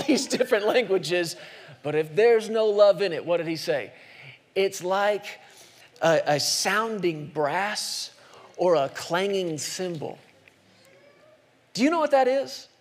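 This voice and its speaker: A man preaching a sermon from the pulpit, his voice sitting high. He slows way down and turns soft on key words, then lifts sharply for punchlines. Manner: dynamic preaching, slows and drops soft for emphasis, rises for punchlines. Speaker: pastor.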